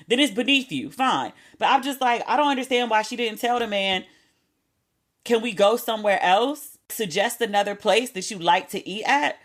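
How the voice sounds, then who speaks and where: A young woman hosting a podcast, telling stories in a candid, casual way with slang and profanity. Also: medium pitch. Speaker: podcast host. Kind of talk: casual solo chat.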